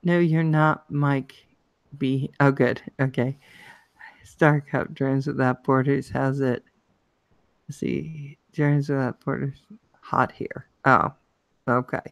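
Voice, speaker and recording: Maryland woman hosting a live chat, unhurried and chatty, smooth dry close voice. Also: a bass voice, little pitch movement, no room sound. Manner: chatty, greets viewers by name, laughs often. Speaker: livestream host. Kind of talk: casual live chat reading comments.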